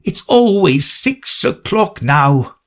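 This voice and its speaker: A man's voice: fairly high pitch, sing-song, slow pace, a bit bright, pitched above the performer's own voice, full character voice. A man voicing a mournful, fussy, eccentric hatter in an audiobook. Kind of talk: audiobook character voice.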